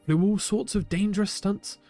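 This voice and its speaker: A man voicing a male alien museum curator in a video game, speaking in a slow hillbilly drawl that turns whispery. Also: sits high, expressive, faint music behind. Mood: wistful.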